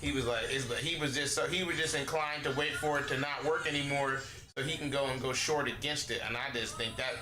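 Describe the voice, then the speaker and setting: A man's voice: mid-range voice, fairly even intonation, brisk. A man gaming on stream and ranting casually, rambling and swearing with heavy slang. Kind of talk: casual rant while gaming. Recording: echoey room with noise.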